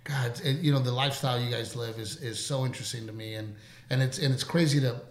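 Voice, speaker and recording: A man hosting a casual interview chat as a comedian, telling stories with lively asides. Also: mid-range voice, fast talker. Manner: animated storyteller, quotes people in put-on voices. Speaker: podcast host and comedian. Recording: roomy echo.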